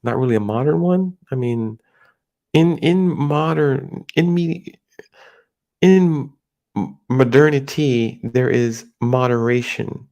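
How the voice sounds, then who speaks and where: A middle-aged American man talking casually in a rambling, halting monologue with many restarts. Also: mid-range voice, a little mellow. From United States.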